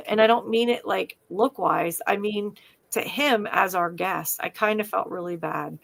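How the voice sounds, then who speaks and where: A woman co-hosting a podcast in casual chat, soft-hearted and hesitant as she talks. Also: mid-range voice, unhurried, vocal fry. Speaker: podcast co-host.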